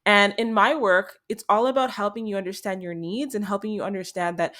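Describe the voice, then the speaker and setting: Gentle soothing woman podcast host. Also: mid-range voice, fairly even intonation. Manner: gentle, soothing, unhurried delivery. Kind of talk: self-help podcast talk.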